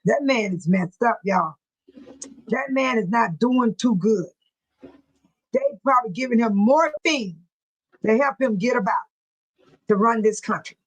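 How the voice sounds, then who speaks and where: In a roughly recorded casual livestream, a middle-aged woman with a fairly high voice chats animatedly with her viewers. She also reads comments and news aloud, hesitating her way through the news items.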